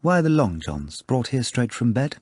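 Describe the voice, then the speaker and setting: A man voicing a calm psychiatrist who asks curt, clinical questions through his teeth. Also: medium pitch, normal speed, breathy edge, no room sound, studio quality.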